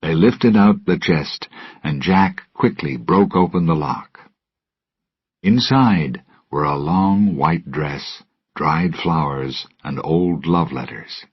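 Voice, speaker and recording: Storybook narrator: man, deep and raspy, slow and deliberate, dry lo-fi sound. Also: no room sound. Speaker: storybook reader. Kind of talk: graded-reader story narration for English learners. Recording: dull lo-fi recording.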